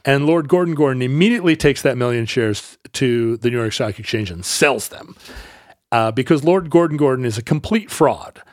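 A man in a casual podcast chat, spinning a long history story at a middle pitch. He backtracks and corrects himself often. The recording is close and dry, with no room sound. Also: expressive, moderate pace, dry recording. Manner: rambling, self-correcting, laughs easily, tries funny voices.

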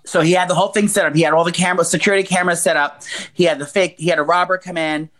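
A man's voice: sits high, steady tone, racing, fairly bright tone. A man in his forties co-hosting a podcast, telling crude stories in casual, profane, rambling chat. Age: 40s. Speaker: podcast co-host.

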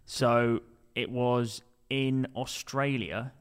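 A man's voice: mid-range voice, fairly even intonation, extremely slow, clear, resonant tone. A man co-hosting a casual football podcast, laughing often and telling stories with energy. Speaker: podcast co-host.

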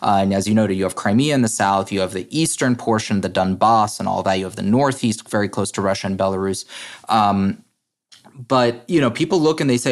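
A man's voice: fairly low pitch, a little fast. A man speaking as an interview guest, earnest and explanatory, with frequent fillers and restarts. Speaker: guest, head of a democracy nonprofit. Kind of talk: interview conversation.

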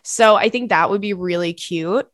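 A woman's voice: medium pitch, moderate pace, dry recording. A young woman hosting a podcast, chatting casually and emotionally, reading out listener letters with lots of fillers. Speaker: podcast host.

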